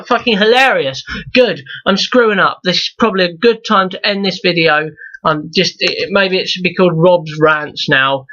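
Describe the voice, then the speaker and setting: Young guy swearing thru a tv review rant, sharp bright voice, muffled lo-fi mic. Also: fairly high pitch. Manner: profane, exasperated, rambling with restarts. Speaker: YouTube reviewer. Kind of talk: ranting TV review vlog.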